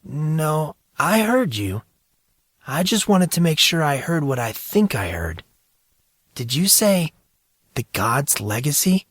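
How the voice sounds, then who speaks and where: A man doing a calm, knowing storyteller figure. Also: fairly high pitch, takes it slowly, no room sound, studio quality, voice pushed up, full character voice. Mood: surprised.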